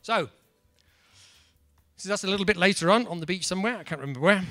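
A high-pitched man with a bright, forceful voice tells stories to a live audience at a business breakfast. His delivery is lively, and he keeps throwing rhetorical questions at the room. The sound is close and dry. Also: fast, no room sound, faint music behind. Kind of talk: humorous storytelling talk to a live audience.

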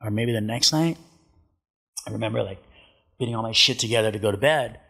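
In a studio, a middle-aged pro surfer guesting on a podcast tells casual stories, laid-back and swearing a lot as he acts out what people said. His voice is on the low side, a little fast, gravelly, sharp, and slightly rough.

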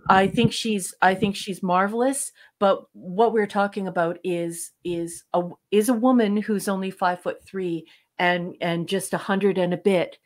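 A woman's voice: medium pitch, fairly even intonation, a little slow. A woman co-hosting a casual podcast, speaking emphatically and affectionately. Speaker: podcast co-host. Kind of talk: casual chat.

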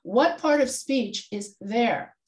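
Her voice is fairly high and expressive, and she speaks slowly. As a writing instructor leading an online class session on grammar review, the woman quizzes her students patiently with questions.

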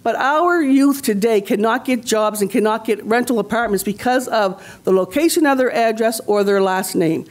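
In a slightly high voice with a darkish tone, a Nova Scotia community leader addresses a conference panel. Her talk is impassioned and rhetorical, with phrases repeated for emphasis.

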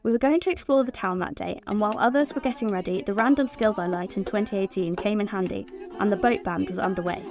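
A woman's voice: mid-range voice, fast talker, few pauses, darkish tone, faint music behind. A teenage girl reading a scripted voice-over for her sailing vlog, in a plain, upbeat storytelling way. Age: teens. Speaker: vlogger.

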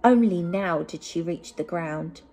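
A woman teacher from England reading a picture book aloud to young children, with gentle asides to them. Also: on the low side, unhurried.

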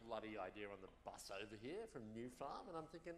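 A man, moderating an audience question forum in a lively, joking way, coaxing answers from the crowd. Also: mid-range voice, fast talker. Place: event venue with audience. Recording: hall reverb, faint noise.

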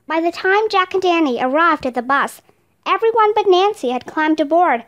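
A woman reading a children's chapter book aloud, with clear, steady storytelling. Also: very high voice, moderate pace. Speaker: reader.

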